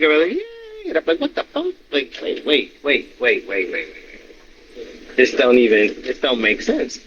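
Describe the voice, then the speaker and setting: A man co-hosting a podcast, talking casually and animatedly, swearing a lot and acting out reactions in high yelps. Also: a bit bright. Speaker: podcast co-host. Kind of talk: casual wrestling chat. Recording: slightly dull with faint noise.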